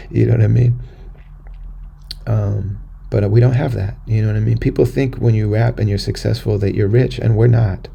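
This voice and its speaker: An American man talks through a personal story on his podcast, earnest and conversational, circling back over his words. His voice is low, dark and mellow, with a heavy gravelly fry. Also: steady tone, brisk. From United States. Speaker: podcast host. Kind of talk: personal monologue.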